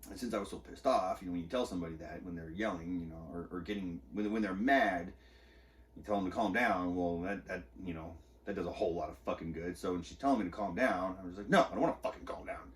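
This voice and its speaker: A man's voice: sits low, quick pace, distant mic. A man hosting a podcast, telling a personal story of an argument in a candid, agitated, profane way. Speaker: podcast host. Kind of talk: personal monologue.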